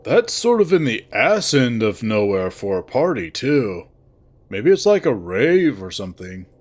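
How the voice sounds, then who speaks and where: A man's voice: mid-range voice, sing-song, a little slow. A man voicing a young male furry slacker in a visual novel, talking in a sarcastic, drawling, exasperated way. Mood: wry.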